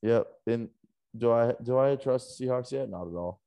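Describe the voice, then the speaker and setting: A man co-hosting a casual sports chat, hesitant and repeating himself, often trailing off quietly. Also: medium pitch, moderate pace, vocal fry, dry recording. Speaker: co-host.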